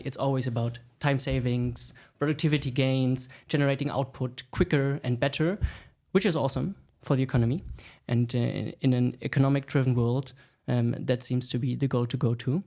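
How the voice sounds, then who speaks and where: A man's voice: mid-range voice, fairly even intonation, normal speed, creaky, few pauses, warm tone. A man hosting a podcast interview, friendly and upbeat, with frequent "uh" fillers. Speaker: podcast host.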